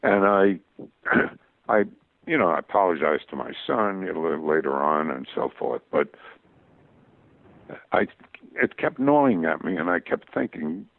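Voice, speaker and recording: An older man, a guest cartoonist, telling stories in an interview in a halting way full of restarts. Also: low-pitched, lively intonation, creaky, dry recording. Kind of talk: interview storytelling. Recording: tinny phone-like radio audio.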